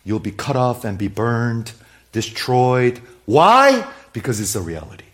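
A man preaching a sermon in a church, talking straight to the congregation and swinging from loud emphasis to hushed, near-whispered asides. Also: mid-range voice, normal speed. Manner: conversational, speaks straight to the congregation with questions. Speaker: pastor.

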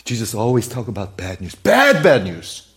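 A man preaching a sermon in a church, talking straight to the congregation and swinging from loud emphasis to hushed, near-whispered asides. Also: mid-range voice, huge pitch swings, moderate pace. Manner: conversational, speaks straight to the congregation with questions. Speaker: pastor.

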